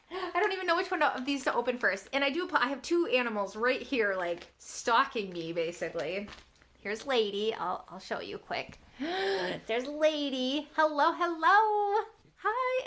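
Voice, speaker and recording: Bubbly, bright, high-voiced woman live-streaming. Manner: bubbly, excitable, gasping and giggling often. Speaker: artist hosting a live stream. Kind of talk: casual live stream chat. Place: at home, on a couch. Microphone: camera on a tripod.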